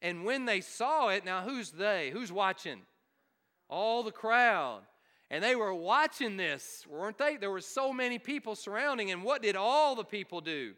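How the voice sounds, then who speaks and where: A man's voice: high-pitched, lively intonation, a little slow, sharp tone, big-room sound. A man preaching a sermon, emphatic and questioning his congregation. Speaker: pastor.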